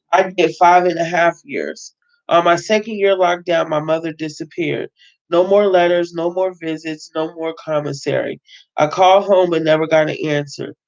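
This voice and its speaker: A woman's voice: lowish voice, darkish tone. A woman hosting a casual book reading, reading a novel aloud and breaking in with her own blunt, emphatic remarks. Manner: emphatic, talks back to the text, swears freely. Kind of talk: casual read-aloud with reactions. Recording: dull lo-fi sound.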